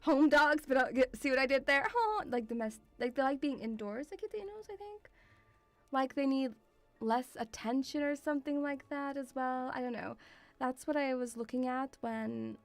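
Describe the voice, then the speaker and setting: A woman's voice: high voice, lively intonation, moderate pace. A woman streamer chatting casually and rambling, calling her viewers sweetie. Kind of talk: casual live-stream chat.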